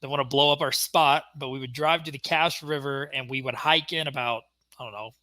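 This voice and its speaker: A young man co-hosting a podcast, telling a story in casual chat and acting out the shouted quotes. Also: mid-range voice, steady tone, fairly quick, dry recording. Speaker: podcast co-host.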